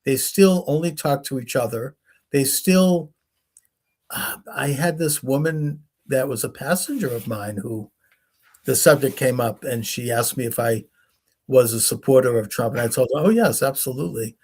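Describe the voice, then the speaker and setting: A male host with a mid-range, darkish voice talks at a moderate pace on his talk show. Casual and rambling, he recounts stories and acts out the quoted voices of the people involved.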